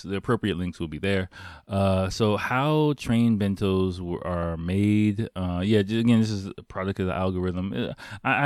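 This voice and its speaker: A man with a low voice talks through his solo podcast in a loose, rambling way. He swears constantly and laughs at his own stories. The recording is dry, with no room sound. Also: no echo. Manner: rambling, profane, laughs often. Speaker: podcast host. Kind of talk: casual solo podcast chat.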